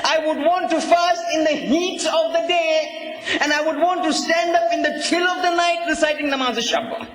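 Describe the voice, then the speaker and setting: A man's voice: very high voice, steady tone, normal speed, a bit bright. A man preaching, speaking the words of a holy mother to her son in an earnest, emphatic way, recorded in an echoey hall. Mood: grave. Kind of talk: quoted speech within a sermon.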